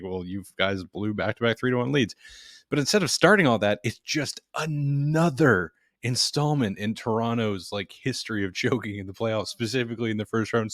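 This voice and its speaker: A man with a low, deep voice, co-hosting a casual sports podcast. He rambles and gets animated, laughing often as he talks. The sound is dry and close. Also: no room sound. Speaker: podcast co-host.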